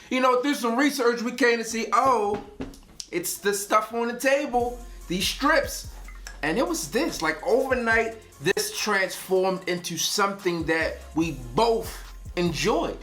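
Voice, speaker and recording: A man's voice: high voice, expressive, a little slow, bright, forceful tone. A man casually reviewing a fragrance on his vlog, joking and rambling through stories as he talks. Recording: roomy echo.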